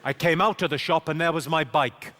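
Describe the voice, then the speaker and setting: A man doing live stand-up, delivering deadpan one-liners and teasing the audience on a theatre stage. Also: on the high side, brisk. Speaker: stand-up comedian. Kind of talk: live stand-up with crowd work. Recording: live show with loud audience noise.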